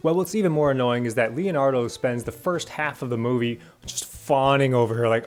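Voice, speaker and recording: A man's voice: medium pitch, a little fast, hardly any pauses, soft background music. Male reviewer, mid-range voice, dry sarcastic complaints, casual delivery. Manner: exasperated, sarcastic ranting. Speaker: movie reviewer. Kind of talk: casual spoken film review.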